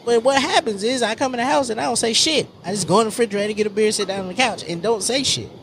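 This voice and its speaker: A man's voice: high-pitched, fast, vocal fry, fairly bright tone, a little hiss or hum. A man co-hosting a podcast in casual chat, candid and profane, telling stories with animation. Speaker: podcast co-host.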